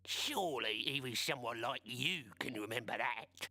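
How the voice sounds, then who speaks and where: A man's voice: mid-range voice, lively intonation, normal speed, bright, forceful tone, faint music behind, full character voice. An actor voicing an old, sardonic male servant in a video game, dry and condescending. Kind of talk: 1990s video game voice acting.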